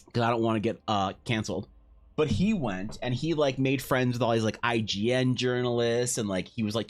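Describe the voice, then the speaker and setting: On a live art stream, a young man with a medium-pitched voice chats casually, rambling through a story. He swears and acts out both sides of the conversation himself.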